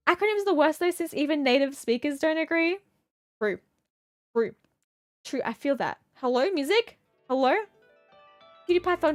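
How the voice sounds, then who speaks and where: A woman's voice: high-pitched, lively intonation, normal speed, pauses often, faint music behind. A woman streamer chatting casually on a live stream, rambling through playful tangents with frequent giggles. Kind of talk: casual live-stream chat while drawing.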